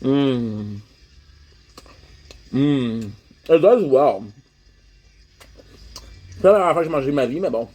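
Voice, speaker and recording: A man's voice: mid-range voice, animated, slow, pauses often, darkish tone. A young man with a Québécois accent, chatting casually on a livestream while eating, switching between French and English and greeting viewers.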